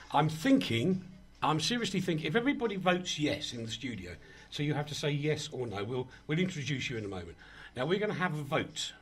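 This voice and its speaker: A man's voice: mid-range voice, a bit bright, breathy edge. A man hosting an online radio show in casual, self-mocking chat, flustered while he fights with his equipment.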